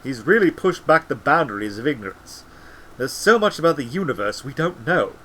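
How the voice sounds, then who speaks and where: A man voicing an eager, agreeable older wizard in a storybook reading, earnest and quick to agree. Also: medium pitch, sing-song, sharp tone, a little hiss or hum.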